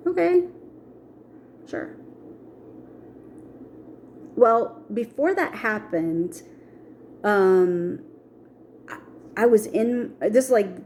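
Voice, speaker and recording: Middle-aged woman retelling weird stuff that happened to her, acts out the quotes, mellow voice, bit of hiss behind. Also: mid-range voice. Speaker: vlogger. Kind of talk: personal storytelling.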